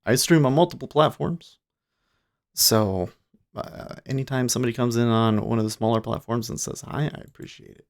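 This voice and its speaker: A man hosting a day trading livestream, casually thinking out loud in a relaxed, drowsy, rambling way. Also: mid-range voice, moderate pace. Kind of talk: casual live market commentary. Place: home trading desk with large screens.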